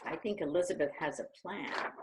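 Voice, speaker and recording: A middle-aged woman reading a picture book aloud to young children, animated and asking them questions. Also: deep voice, normal speed, background noise. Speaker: children's storyteller.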